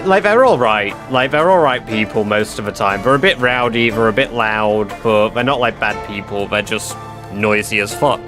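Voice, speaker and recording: A man's voice: on the low side, pushed and bright. A young man telling a casual story to his live stream viewers, chatty and full of fillers and swearing.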